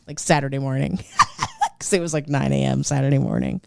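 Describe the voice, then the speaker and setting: A woman co-hosting a podcast, telling a story in a rambling, animated way full of fillers. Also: extremely low pitch, normal speed, creaky, no room sound, clean studio sound. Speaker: podcast co-host. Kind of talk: casual storytelling chat.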